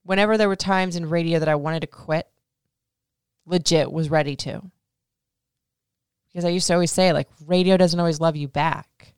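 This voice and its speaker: Woman podcast host, low smooth voice, frank and profane, emotional, lots of "like", dry close mic. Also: fairly even intonation, normal speed, long pauses, dry recording. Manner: frank, profane, heavy use of "like". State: emotional, near tears. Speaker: podcast host answering listener questions. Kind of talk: casual Q&A podcast.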